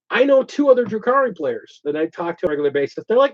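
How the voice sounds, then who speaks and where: Animated ranting man, dull lo-fi sound. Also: high-pitched, fast talker, few pauses. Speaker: host. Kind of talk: casual chat.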